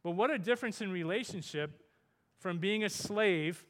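A man preaching a sermon, earnest, rising loud for emphasis and dropping soft on tender points. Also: moderate pace. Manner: earnest, rises in pitch and volume for emphasis, softens for tender points.

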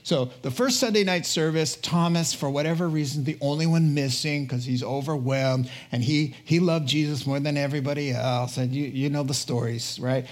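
Animated casual preacher man. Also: a little high, moderate pace, few pauses. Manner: animated, casual retelling with asides and acted quotes. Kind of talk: sermon storytelling.

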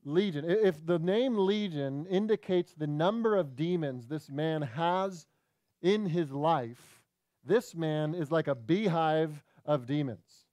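A man delivers a sermon with lively, conversational energy, breaking off into quick asides and restarting his thoughts. His voice sits a little on the high side. The sound is close and dry, with no room around it. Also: no echo. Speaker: pastor.

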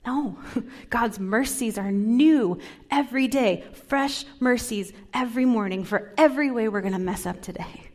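Woman pastor, middle-aged, husky voice, gentle sermon delivery with whispered emphasis. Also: on the high side, unhurried. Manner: soft, drops into whispers for emphasis.

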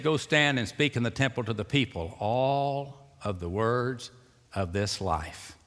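A man preaching a sermon, dropping to a hushed, slow voice and rising to loud, excited calls. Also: mid-range voice. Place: church sanctuary. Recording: long reverb of a church hall.

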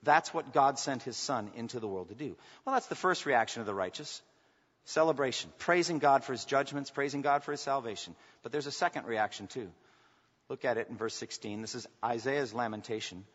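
A man preaching a sermon in a church, swinging from loud emphatic bursts to hushed asides. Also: medium pitch, brisk. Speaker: pastor. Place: church sanctuary. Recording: muffled sound in a reverberant hall.

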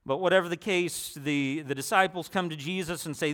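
A man's voice: fairly high pitch, brisk, fairly bright tone. A man preaching a sermon in a conversational way, restarting phrases and adding personal asides.

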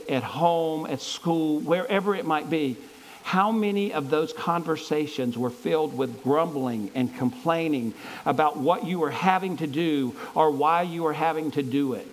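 A man's voice: a little high, rough recording. A man preaching a sermon in an earnest, conversational way, stumbling and restarting as he reads and explains scripture. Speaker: pastor.

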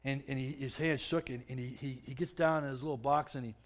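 A man giving a personal testimony in a conversational way, often restarting his words and growing louder as the story builds. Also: mid-range voice, fast. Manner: conversational, repeats and restarts words, swells louder when excited.

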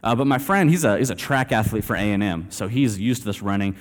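A man's voice: on the low side, fast talker. A young man from Texas telling a story in a sermon, casual and self-deprecating, dropping "man" and "like" throughout. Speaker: preacher. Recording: reverberant hall.

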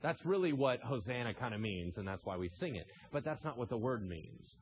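A man's voice: medium pitch, sing-song, brisk, dull audio, slight background noise. A man preaching a sermon, asking the congregation rhetorical questions and reading scripture aloud. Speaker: pastor.

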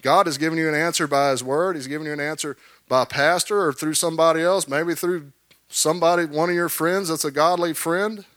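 A man preaching a sermon, animated, repeating words and calling for amens from the congregation. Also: fairly high pitch, a little fast, no room sound, studio quality.

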